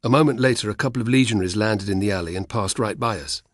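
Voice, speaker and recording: A man doing a nervous young Roman who talks his way out of trouble, sheepish and hurried, in a low, husky voice with a dry close sound. This audiobook reading keeps him plain and earnest. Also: no room sound, natural voice. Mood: relieved. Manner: sheepish, explaining.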